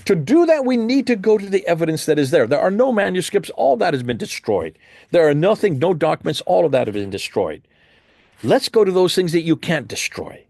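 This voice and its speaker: Animated man lecturing with rhetorical questions. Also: a little fast, creaky, no echo, clean studio sound. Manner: emphatic, rhetorical questions, animated swings in pitch. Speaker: Christian apologist presenter. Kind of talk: lecture presentation with slides.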